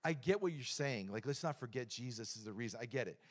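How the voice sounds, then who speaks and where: A middle-aged man preaching a lively, joking sermon in a church, swinging between loud points and quiet asides. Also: medium pitch, quick pace. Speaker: pastor.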